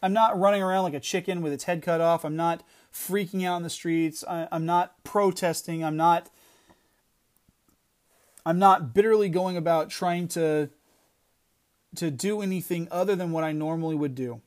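This earnest devotional talk comes from a middle-aged podcast speaker whose high-leaning voice stays steady in tone at a moderate pace. He speaks emphatically and keeps restarting phrases.

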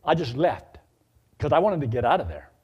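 Preacher telling a story from the pulpit, husky voice, lively swinging pitch. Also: male voice, moderate pace, highs cut off. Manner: animated, acts out dialogue. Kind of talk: sermon storytelling.

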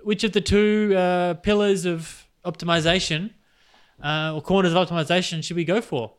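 A man's voice: high-pitched, fairly even intonation, clear, resonant tone. An Australian man co-hosting a podcast, chatting casually with restarts and chuckles. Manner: halting, restarts, chuckles often. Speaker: podcast co-host. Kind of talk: casual chat.

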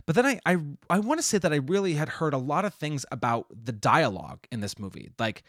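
A man's voice: a little high, big pitch swings, fairly quick, a bit bright, no room sound, clean studio sound. Rambling man co-hosting a film podcast. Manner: rambling, restarts, many "like" and "you know". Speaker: podcast co-host. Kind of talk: casual film review chat.

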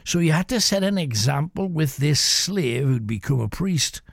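Gravelly male storyteller. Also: fairly high pitch, lively intonation, dry recording, clean studio sound. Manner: measured, dramatic. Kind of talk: dramatic storytelling.

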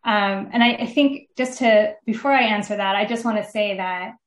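A woman's voice: medium pitch, moderate pace, reverberant. A middle-aged woman, a podcast guest, telling a personal story earnestly with many fillers. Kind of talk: storytelling in an interview.

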